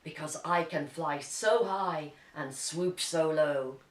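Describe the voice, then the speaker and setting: A woman's voice: low-pitched, slow pace, reverberant, distant mic. A proud falcon, as an Irish woman tells it.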